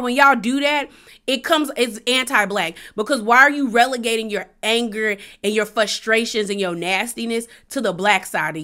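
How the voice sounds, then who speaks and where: A woman vlogger giving casual, blunt and opinionated commentary on a reality TV episode, talking in an animated, slangy way. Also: on the high side.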